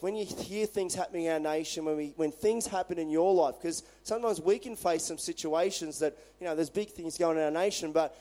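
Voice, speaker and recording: High-pitched guy preaching, chatty and animated, reads then retells the story. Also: brisk, few pauses. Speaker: pastor. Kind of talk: sermon with scripture reading.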